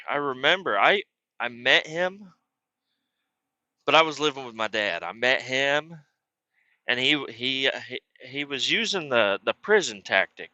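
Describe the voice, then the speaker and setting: A man's voice: medium pitch, no room sound. Rambling, profane storyteller man, lo-fi. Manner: profane, rambling, animated when quoting. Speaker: podcast host. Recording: dull lo-fi recording.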